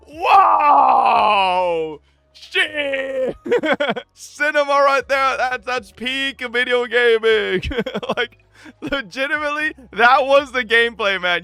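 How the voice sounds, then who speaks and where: A man streaming live, ranting to his chat in an excitable, profane, animated way. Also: high voice, no echo. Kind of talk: livestream rant to chat.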